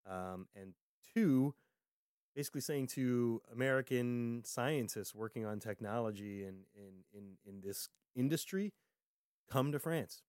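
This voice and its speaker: A man's voice: mid-range voice, darkish tone, clean tone, no room sound, clean studio sound. A man co-hosting a casual political talk show, chatting loosely, trailing into fillers, then speeding up to press a point. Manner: conversational, trailing off into fillers, quickening when making a point. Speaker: podcast co-host.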